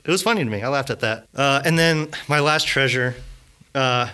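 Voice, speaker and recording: Bright-voiced man in rambling casual chat. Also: medium pitch, normal speed, smooth. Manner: rambling, self-interrupting, laughs often. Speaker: podcast co-host reviewing a film.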